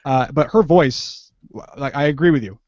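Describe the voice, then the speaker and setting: A man's voice: medium pitch, moderate pace, darkish tone, dry recording. A young man talks as a podcast guest in an easy, rambling way, circling back over his own sentences and laughing often. His voice is dry and close, and the recording has a dull, lo-fi sound. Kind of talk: casual podcast chat.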